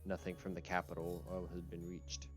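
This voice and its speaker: A man with a very low voice narrates a tabletop role-playing game as game master. He talks in a loose, relaxed way and fills his pauses with ums. Soft music plays faintly behind him. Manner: relaxed, with many fillers.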